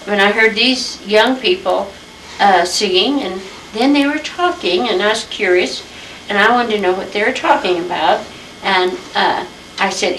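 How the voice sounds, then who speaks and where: Older woman, unhurried chatty storyteller; distant mic in a roomy home. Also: medium pitch, fairly bright tone, slight background noise. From Iowa, USA. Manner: unhurried, chatty, acts out old conversations. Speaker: interviewee telling family history. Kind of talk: reminiscing storytelling.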